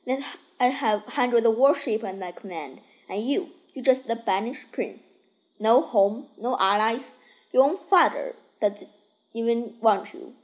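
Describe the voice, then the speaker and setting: A woman's voice: a little high, unhurried, natural voice, poor audio. A woman voicing an arrogant, scheming male navy commander in a cartoon fan dub, reading in hesitant English with a taunting manner.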